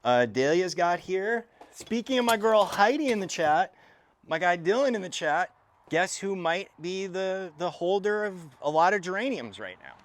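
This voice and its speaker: A chatty, jokey man from Florida talks through a casual gardening live stream and chats with his cat along the way. His pitch rises and falls a lot as he talks, and he sounds relaxed and playful. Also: normal speed.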